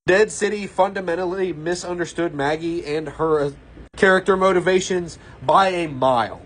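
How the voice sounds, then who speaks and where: A man's voice: high voice, normal speed, fairly bright tone. A man giving blunt, opinionated casual commentary about a TV series, ranting with exasperation.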